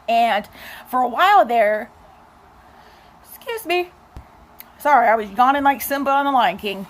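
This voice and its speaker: A chatty young vlogger tells a story straight to her camera, casual and animated as she addresses her viewers. Her voice sits a little high, at a measured pace with long pauses. It sounds like a relaxed home recording on a camera mic.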